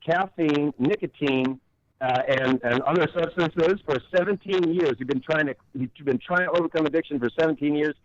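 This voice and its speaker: A man's voice: on the high side, moderate pace, muffled recording. A man as an interview guest, explaining with emphatic rhetorical questions and acted-out quotes. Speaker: guest author and coach.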